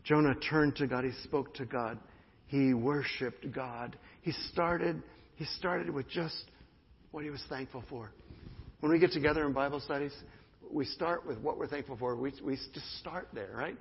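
A man's voice: mid-range voice, creaky, slightly rough. A male pastor preaching a sermon, stressing and repeating key phrases, then rising into fervent prayer. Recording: dull sound with long hall reverb.

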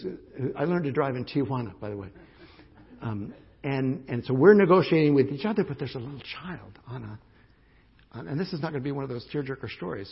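A man's voice: mid-range voice, slightly rough. A male pastor preaching a sermon, telling a story in a conversational way with emphatic restarts. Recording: dull lo-fi sermon recording.

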